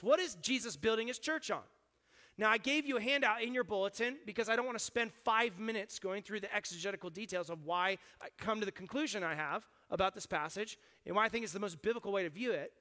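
A male pastor delivers a sermon in a conversational, explaining manner, often checking in with his listeners. His voice sits very high and rings bright and sharp. It carries a long reverb tail from a church hall. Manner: conversational preaching, explains and asks the congregation. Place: church sanctuary.

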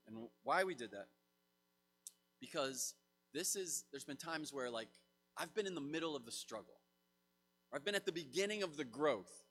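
Guy preaching in a church hall, high and lively, bright voice, long echo tail. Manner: animated, acts out quoted voices. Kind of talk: sermon.

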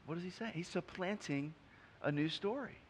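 A man's voice: high-pitched, moderate pace, slight background noise. A man preaching a conversational sermon, acting out the figures he quotes. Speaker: pastor.

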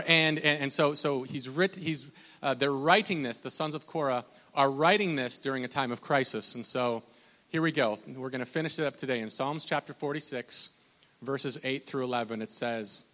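A man preaching a sermon in a relaxed, conversational way, having the congregation repeat lines after him. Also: medium pitch, fairly quick. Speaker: pastor. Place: church hall. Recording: long hall reverb.

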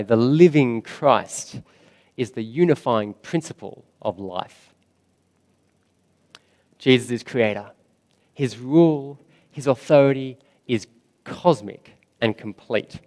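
A man preaching a sermon in a church, slow and emphatic, with dramatic rises and quiet drops. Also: medium pitch. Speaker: pastor.

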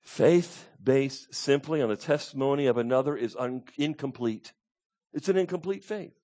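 A man's voice: medium pitch, normal speed, warm tone. A man preaching a sermon as pastor, emphatic, repeating his key points and asking the congregation to call out answers.

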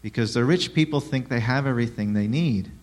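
A man preaching a sermon who asks the listeners rhetorical questions, drops in sarcastic asides and swings between hushed and loud delivery. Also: mid-range voice, brisk. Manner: rhetorical questions, lively shifts in loudness.

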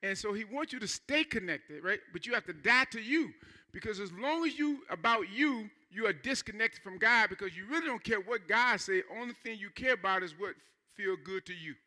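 High, bright-toned conversational preacher man. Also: lively intonation, moderate pace. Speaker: pastor. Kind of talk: sermon.

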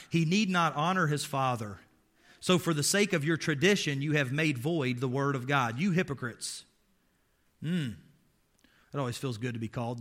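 A man's voice: on the high side, fairly bright tone. A man preaching a sermon as pastor, emphatic and quizzing his listeners with rhetorical questions, with folksy, wry asides.

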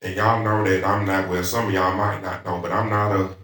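A man with a Southern accent preaching a sermon in church, starting soft and halting with frequent pauses and rising to loud, fervent calls. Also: low-pitched, flat delivery. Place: church sanctuary. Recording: echoey church sanctuary, mic at a distance.

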